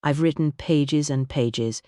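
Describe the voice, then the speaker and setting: A woman's voice: low voice, slow, warm tone, no room sound, clean studio sound. A woman voicing an eager, earnest young policeman. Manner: keen, eager.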